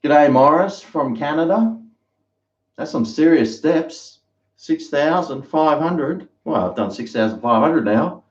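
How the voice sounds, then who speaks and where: A man's voice: on the high side, expressive, slow pace. An Australian man chatting casually to his live-stream viewers in a rambling, storytelling way, at home in his kitchen. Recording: roomy, dull lo-fi sound.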